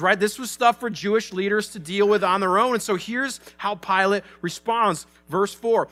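High-pitched, bright and forceful, a man in his thirties delivers a church sermon as its pastor. His retelling of the story is lively and informal, with frequent restarts.

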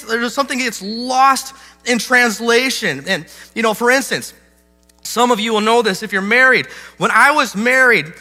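A man in his thirties, a pastor telling a funny family story in a sermon, self-deprecating and animated. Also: very high-pitched. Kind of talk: sermon illustration with humor. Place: large church hall. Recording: hall reverb with faint music.

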